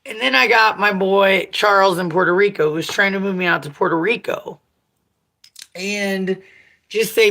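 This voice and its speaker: A woman's voice: medium pitch, moderate pace, pushed and bright. A woman in her forties talking casually to her viewers in a blunt, profane, rambling way, laughing often. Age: 40s. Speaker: vlogger.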